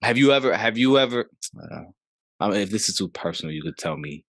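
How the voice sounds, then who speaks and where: A man's voice: on the low side, lively intonation, quick pace, a bit bright, no room sound. A podcast host talking casually with his guest. He gets emphatic and heated when something bothers him, and he keeps asking "you know what I'm saying?". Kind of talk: casual conversational interview.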